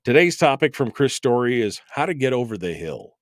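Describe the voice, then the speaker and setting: A man's voice: medium pitch, big pitch swings, fairly quick, dry recording, studio quality. Wry, exasperated talk radio man in his fifties. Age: 50s. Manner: wry, exasperated, rambling with asides. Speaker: radio talk show host. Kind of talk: opinionated talk radio monologue.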